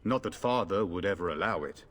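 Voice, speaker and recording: An actor playing a confident, teasing young noble son in a fantasy game. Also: male voice, deep voice, expressive, brisk, a bit bright. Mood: jaunty. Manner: jaunty, teasing, bold. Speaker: game character.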